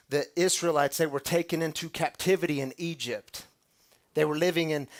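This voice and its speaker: A man preaching to a live audience, conversational, dropping from loud bursts to near whispers. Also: fairly high pitch. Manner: dramatic shifts from loud to hushed; conversational, calls the audience y'all. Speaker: pastor. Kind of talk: sermon.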